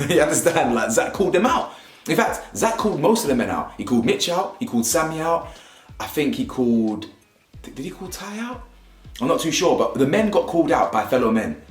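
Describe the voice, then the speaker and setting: A man's voice: medium pitch, reverberant. A young man, commenting casually at home on a reality show in slangy, emphatic talk. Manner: animated, slangy, repeats himself for emphasis. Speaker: YouTuber reviewing a reality show.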